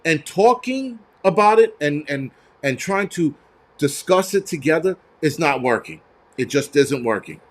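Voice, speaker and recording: A man's voice: on the high side, lively intonation, a little slow. A man hosting a show, ranting heatedly with lots of swearing and stumbling restarts. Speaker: host. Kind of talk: profane ranting commentary.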